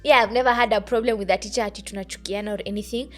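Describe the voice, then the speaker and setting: A woman's voice: medium pitch, fairly even intonation, racing, a bit bright, soft background music. A young Kenyan woman co-hosting a podcast, chatting casually and repeating phrases for emphasis. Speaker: podcast co-host. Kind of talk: casual chat.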